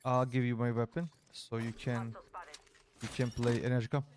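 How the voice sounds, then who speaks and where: A man streaming a game and chatting casually in English, his second language, pausing often to search for words. His first language is Kurdish. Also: medium pitch, level tone, crowd noise. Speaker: streamer playing with a teammate. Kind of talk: casual gaming chat.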